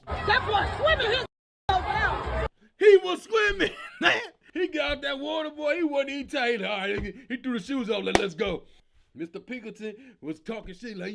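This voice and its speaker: A man comedian hosting his own show, telling stories in an animated way, acting out the people he quotes and shouting at the big moments. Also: very high-pitched, normal speed, creaky. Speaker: comedian host. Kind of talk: energetic stand-up style commentary.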